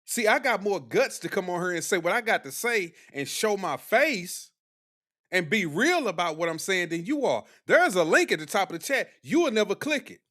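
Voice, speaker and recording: A man's voice: high voice, very animated, normal speed, sharp tone. A young man doing live-stream commentary, talking bluntly and combatively to his chat with heavy slang. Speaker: livestream commentator.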